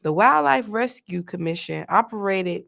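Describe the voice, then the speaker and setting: A woman hosting a casual talk show, telling news stories in a joking, exclamatory way. Her voice has a gravelly, fry-tinged edge, and her pitch sits in a middle range. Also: animated, normal speed, fairly bright tone. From North Carolina. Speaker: show host.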